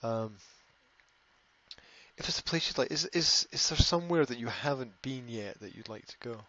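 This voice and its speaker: A man's voice: medium pitch, animated, moderate pace, bright, forceful tone, no echo, dull audio. A man hosting a casual live stream, rambling, often repeating words and reading out viewer comments. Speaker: language school host answering live chat.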